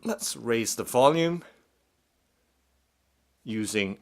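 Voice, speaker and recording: A man narrating an unboxing and demonstration step by step, in a slow and methodical way. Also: medium pitch, expressive, vocal fry. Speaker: product reviewer.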